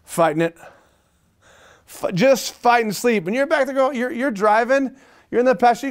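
High-voiced man preaching a sermon. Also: moderate pace, pauses often. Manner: animated preaching with repeated phrases and rhetorical questions. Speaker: pastor.

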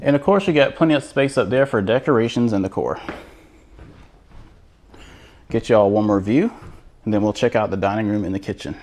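A man's voice: fairly low pitch, fairly quick, pauses often, a little mellow, a little hiss or hum. A man giving an enthusiastic, chatty walkthrough of a show home, recorded on a handheld camera while walking through the rooms. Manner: enthusiastic, chatty, repeats words. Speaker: home tour host. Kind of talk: casual walkthrough narration. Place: inside a manufactured home show model.

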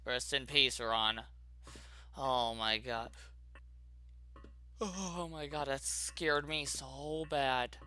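A man's voice: medium pitch, drawn-out words, long pauses, clean tone. Jumpy man playing a horror game. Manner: jittery, keeps saying he is scared, bursts into loud yelps. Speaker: gaming channel host. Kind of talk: horror game let's play commentary.

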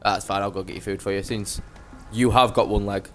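A man's voice: on the low side, fairly even intonation, a little fast, a bit bright. Young guy swearing his way through a live game stream, chatty, faint hiss. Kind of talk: live gameplay commentary.

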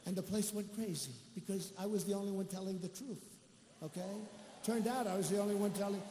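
A male politician working a rally crowd with boastful, rambling talk and mocking asides. His voice sits unusually high and strained for a man. It booms through a big echoey hall over faint crowd ambience. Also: steady tone, brisk, mellow, a little hiss or hum. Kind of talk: campaign rally speech. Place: large indoor rally venue.

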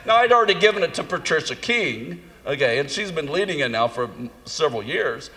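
A man telling a humorous, self-mocking story in a sermon, animated and jumping into high voices for comic asides. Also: fairly quick, few pauses. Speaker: conference speaker. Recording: long hall reverb, faint room noise.

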